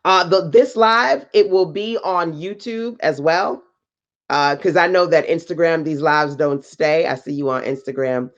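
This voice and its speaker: A woman business coach on a live stream, talking slowly and emphatically in a preachy motivational style with slang asides and greetings to viewers. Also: deep voice, dull audio. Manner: deliberately slow delivery.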